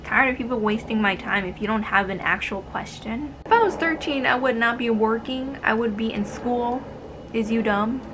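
A woman's voice: on the high side, moderate pace, few pauses, background noise. Sarcastic young woman telling stories. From United States. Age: 20s. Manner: exasperated, sarcastic storytelling. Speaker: vlogger telling work stories. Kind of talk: casual storytime narration.

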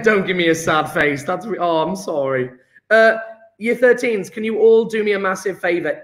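A man's voice: sits high, a bit bright. A man teaching a live online chemistry lesson, chatty and encouraging, quizzing students by name. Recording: echoey room.

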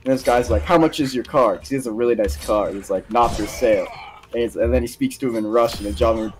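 A man's voice: mid-range voice, fast, soft background music. A young man with a mid-range, everyday male voice. He recaps a story in a loose, laid-back, slang-heavy way while gaming with a friend. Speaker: co-host. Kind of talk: casual movie recap chat while gaming.

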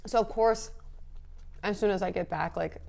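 A woman's voice: mid-range voice, normal speed, gravelly, darkish tone. A young woman chats casually while eating lunch on camera. She rambles through stories, full of fillers, with a mid-range voice and an everyday tone. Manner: chatty, filler-heavy storytelling. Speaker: co-host.

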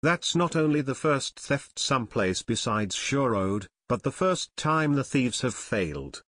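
A man voicing an eager young teenage sleuth. He speaks in a quick, keen way. The recording is dry and close. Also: medium pitch, sing-song, a bit bright, no echo. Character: eager teenage boy detective, younger brother.

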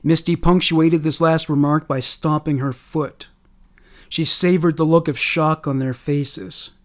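A man reads a scripted true-story narration. He keeps a steady, measured storytelling delivery in a slightly high voice.

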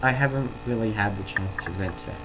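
A man voicing a sad, lonely young woman, reading her chat lines aloud in a soft, subdued tone. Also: fairly low pitch, brisk, lightly acted, poor audio. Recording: loud game music behind voice.

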